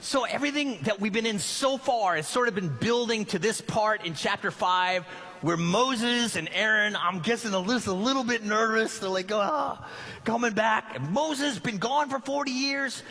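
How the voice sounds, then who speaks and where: A high, lively man's voice preaching a sermon and slipping into the voices of the biblical figures he reads about. His tone is bright and slightly husky. The sound rings with the long reverb of a church hall. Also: normal speed. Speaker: pastor. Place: church sanctuary.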